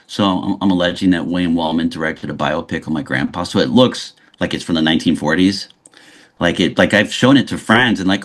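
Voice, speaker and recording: A man's voice: sits low, a little fast. A man from Los Angeles, a guest actor telling stories in a casual interview and often restarting his sentences. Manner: animated storyteller, frequent restarts.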